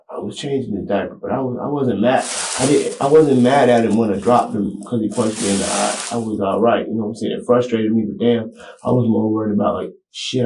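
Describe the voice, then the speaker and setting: A man being interviewed in a small room, talking in a halting, rambling way full of street slang. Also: on the low side, dark tone, slight background noise. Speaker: interview subject. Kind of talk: police interrogation recording. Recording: echoey room, camera mic.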